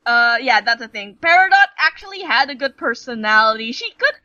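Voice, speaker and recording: A woman's voice: on the high side, sing-song, a little fast, pushed and bright, no echo, highs cut off. A young woman chatting casually about a cartoon, rambling, restarting her sentences and swearing freely. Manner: rambling, stumbling over words, swearing.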